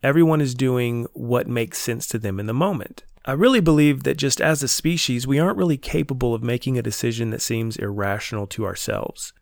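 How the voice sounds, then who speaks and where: A man hosting a solo podcast, speaking in a reflective, earnest and measured way, with a slightly stuffy voice from a stomach bug. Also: mid-range voice, creaky, dry recording, studio quality. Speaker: podcast host and counselor.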